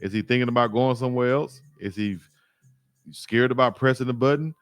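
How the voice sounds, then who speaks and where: A man's voice: mid-range voice, a little fast, smooth, no room sound, clean studio sound. Man chatting on a livestream. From Alabama. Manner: slangy, animated storytelling, reads chat aloud. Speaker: sports YouTube host. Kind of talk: livestream chat reading comments.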